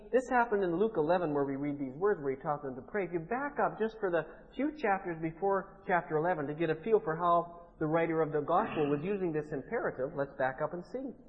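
A man preaching a sermon as pastor, emphatic and building to forceful declarations. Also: high voice. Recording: muffled sound in a large reverberant hall.

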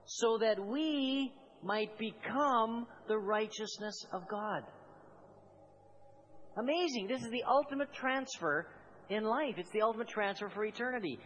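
A man's voice: high voice, fairly bright tone, muffled recording, a little hiss or hum. A man preaching a sermon to his congregation as their pastor, calling on them to repeat after him and building to emphatic, repeated phrases. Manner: building to fervent, emphatic repetition; calls on the congregation to respond.

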